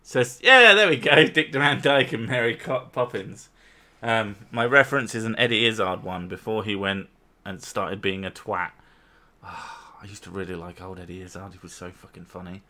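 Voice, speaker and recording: A channel host with a low-leaning, pushed and bright voice at normal speed chats at home with his wife. Their banter turns argumentative, with lots of swearing.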